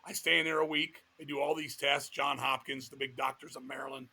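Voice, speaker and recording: A middle-aged man from Virginia, telling a long personal story in an interview with a blunt, profane, animated manner. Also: mid-range voice, a little fast, creaky, husky. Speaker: guest musician.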